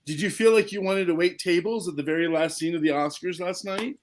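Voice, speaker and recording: A man's voice: high-pitched, fairly quick, slight background noise. A man in a casual chat, dropping joking remarks.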